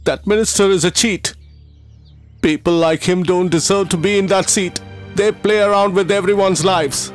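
An actor dubbing a film, playing an emotional middle-aged teacher who cares for poor orphans, speaking in a heartfelt, pleading way. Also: male voice, sits high, fairly even intonation, moderate pace, faint music behind, lightly acted. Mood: bitter. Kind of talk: dubbed film acting.

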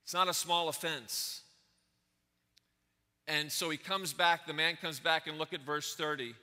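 A pastor preaching a sermon, stressing his points with repeated phrases and sudden swings between loud and soft. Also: a little high, fairly even intonation, a little slow, long reverb tail.

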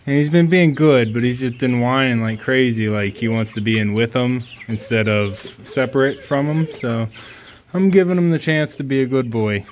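A man's voice: mid-range voice, normal speed, a little hiss or hum. Laid-back man chatting in a chicken coop. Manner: relaxed and chatty, talks gently to his dog and chickens. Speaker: homesteading vlogger. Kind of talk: casual vlog narration. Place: chicken coop on a rural property.

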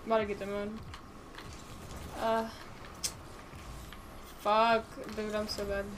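A woman's voice: medium pitch, monotone, slow, noisy background. A woman streaming a game live, chatting casually, swearing freely and answering her chat aloud.

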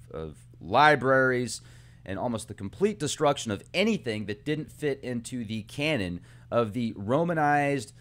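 A man hosting his own video channel, talking through a film's symbolism in an earnest, animated monologue. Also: medium pitch. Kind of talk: casual monologue analysis.

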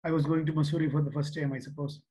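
An older man with a Kerala Malayali accent in his English gives a motivational talk to youth. His voice sits fairly high for a man. He speaks in a storytelling way, repeating phrases and tossing in a questioning "huh?". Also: level tone, rapid-fire, mellow, rough recording. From Kerala, India. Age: 60s. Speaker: seminar speaker.

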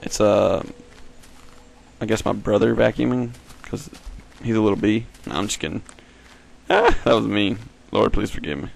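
A man giving rambling, jokey let's-play commentary as host of a gaming video, giggling and breaking into sudden high squeals. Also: wildly swooping pitch, unhurried, creaky, pauses often.

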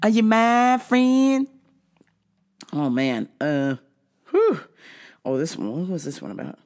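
A woman's voice: on the low side, big pitch swings, takes it slowly, a little mellow. A woman hosting a casual podcast, reacting to clips, laughing often and swearing freely. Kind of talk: casual chat.

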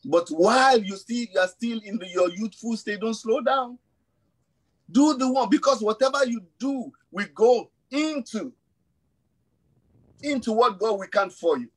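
Man, fifties, pastor, high voice, emphatic preaching, repeated refrains, church sermon. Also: a little slow, rough recording. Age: 50s.

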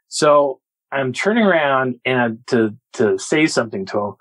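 A man, a guest on a show, telling a personal encounter in an animated way and acting out the sounds and quotes. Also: medium pitch, moderate pace, no echo, low-quality recording.

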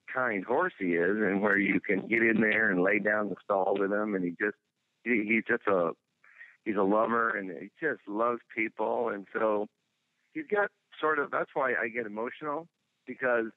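A man who trains racehorses, talking in an interview over the phone in a rambling, halting way, full of restarts. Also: mid-range voice, dry recording. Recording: tinny dry phone line.

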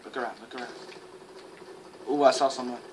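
A woman giving excitable, jokey live commentary while playing a shooter game, with sudden high yelps. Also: a little fast. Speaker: gaming channel host. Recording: game noise behind.

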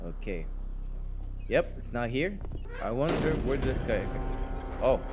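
A young man narrating a horror game as he plays, jumpy and talking to viewers, going from hushed mutters to panicked shouts, his voice getting worn. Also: mid-range voice, very animated, unhurried. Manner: talks to viewers while playing. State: losing his voice. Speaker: gaming YouTuber. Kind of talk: horror game let's play commentary. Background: game music.

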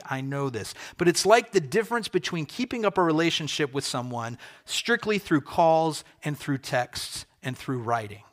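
A man preaching a sermon as pastor, earnest and emphatic, repeating key phrases and slowing down for effect. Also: a little high, expressive.

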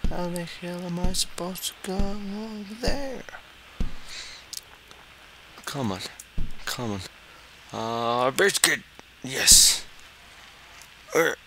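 A man's voice: sits high, animated, very slow, vocal fry, pauses often, background noise. A man giving let's play commentary, exasperated and goofy, swearing and using silly mild oaths as he plays.

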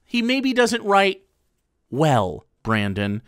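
A man's voice: high voice, drawn-out words, clean tone. A man streaming live, ranting sarcastically and profanely as he reacts to a clip. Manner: sarcastic, profane, animated rants.

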